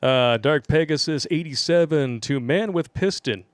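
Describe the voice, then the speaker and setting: A man's voice: on the high side, measured pace, dry recording, clean studio sound. A man hosting a casual live show, reading listener emails aloud in a laid-back way with many fillers. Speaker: podcast host.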